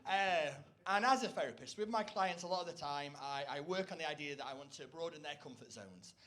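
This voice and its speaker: A man performing a rambling, self-deprecating stand-up comedy set on stage, breaking into loud, shrill impressions. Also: fairly quick. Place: stage before a live audience.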